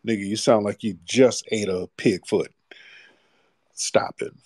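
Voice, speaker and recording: A man's voice: lowish voice, steady tone, unhurried, darkish tone, husky, no echo, studio quality. A man hosting a late-night call-in show, talking bluntly in casual slang. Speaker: host. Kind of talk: live call-in radio show.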